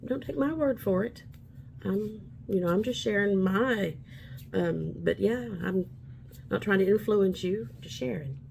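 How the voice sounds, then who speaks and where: A woman's voice: medium pitch, unhurried, vocal fry, darkish tone, slight background noise. Rambling, upbeat woman in her forties. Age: 40s. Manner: chatty, rambling, upbeat and preachy. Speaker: vlogger. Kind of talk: casual talking-to-camera vlog.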